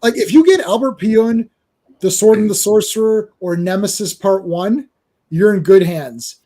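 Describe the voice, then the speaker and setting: A man's voice: high-pitched, a little slow, dark tone. A man hosting a casual comics podcast, talking in a rambling way. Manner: rambling, acts out lines in comic voices. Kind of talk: casual chat.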